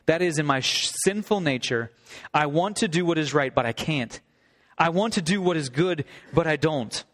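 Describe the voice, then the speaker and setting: Man, pastor, sermon, earnest scripture reading, slightly high voice, long hall reverb. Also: lively intonation, moderate pace, a bit bright. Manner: reads scripture aloud, then expounds earnestly.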